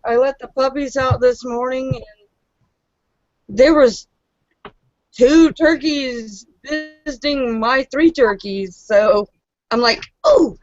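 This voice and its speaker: A woman's voice: high voice, slow pace, pauses often, no room sound. A woman guest chatting on a live stream, laughing often and telling home stories. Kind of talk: casual live-stream chat. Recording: dull lo-fi stream audio.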